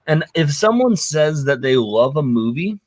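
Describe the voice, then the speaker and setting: A man's voice: on the high side, big pitch swings, moderate pace, dry recording. Opinionated man in a dry, close sound. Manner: opinionated, lots of fillers. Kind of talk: casual movie discussion.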